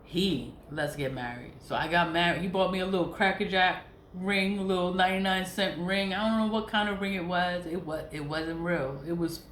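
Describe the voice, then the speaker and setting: A woman in her forties, a nonprofit founder, talking candidly and rambling in a casual vlog, swearing freely, her voice going hoarse. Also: fairly low pitch, steady tone, normal speed, a bit bright, a little hiss or hum. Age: 40s. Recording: roomy echo, faint ambience.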